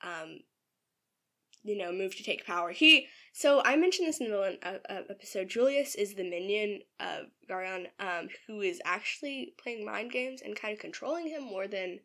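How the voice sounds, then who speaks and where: A woman's voice: medium pitch, expressive, moderate pace, sharp tone. A young woman in a casual podcast chat about her own novel, talking with many fillers and laughs. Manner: chatty, giggly, filler-heavy. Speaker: podcast co-host and writer.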